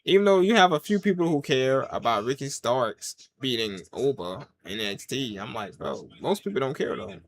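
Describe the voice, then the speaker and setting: A man giving casual live reaction commentary while watching a wrestling show, swinging from loud excited yelps to low mutters in easygoing slang. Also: normal speed, hardly any pauses, slight background noise. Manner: casual slang, talks to himself and the chat. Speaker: wrestling watch-along reviewer.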